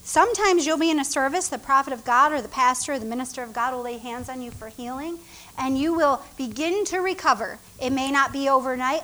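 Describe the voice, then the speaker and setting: A woman pastor preaching a sermon, reading scripture aloud and acting out the people in it with animated delivery. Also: sits high, a little fast. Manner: animated, reads scripture aloud, acts out characters, laughs often.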